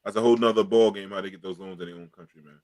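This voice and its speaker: A man's voice: fairly low pitch, steady tone, very fast, a little mellow, no room sound. A man co-hosting, joking loosely in slangy casual banter. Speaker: podcast co-host.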